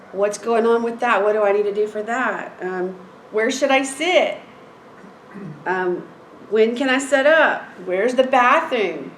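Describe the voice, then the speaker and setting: Woman, middle-aged, court reporter; blunt, lively storyteller; echoey room, faint noise. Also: fairly high pitch. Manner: blunt, animated, with many fillers. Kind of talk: anecdotal storytelling in a seminar chat. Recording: roomy echo.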